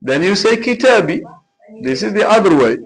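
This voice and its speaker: A man's voice: sits high, big pitch swings, moderate pace, rough recording. A man teaching an Arabic class live online, patient and repetitive as he drills examples.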